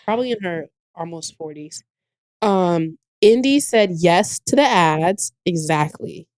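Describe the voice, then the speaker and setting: Woman co-host, blunt, joking, lower voice, dry close sound. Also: lively intonation, unhurried, a little mellow, no room sound. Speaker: podcast co-host. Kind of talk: casual podcast chat.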